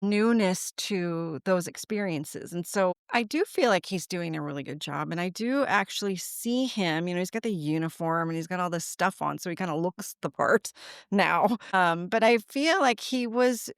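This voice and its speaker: A woman's voice: lowish voice, expressive, moderate pace, smooth, no room sound, studio quality. A middle-aged woman talking earnestly and a little rambling in a casual conversation, with frequent restarts. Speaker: guest, deputy's mother.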